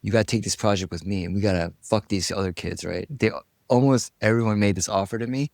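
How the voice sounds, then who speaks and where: A man being interviewed, telling stories from his life in a casual, animated way, acting out what people said and swearing now and then. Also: fairly low pitch, quick pace, dry recording, clean studio sound. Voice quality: gravelly. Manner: animated storyteller, acts out quotes, swears. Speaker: interview guest. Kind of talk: casual storytelling.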